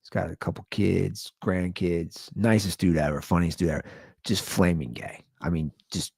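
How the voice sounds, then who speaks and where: A man's voice: low voice, steady tone, normal speed, gravelly, a little mellow, breathy edge, no echo, clean studio sound. A man hosting a podcast, telling a comic story in a rambling, loose, casually profane way. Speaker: podcast host. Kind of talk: casual comedic storytelling rant.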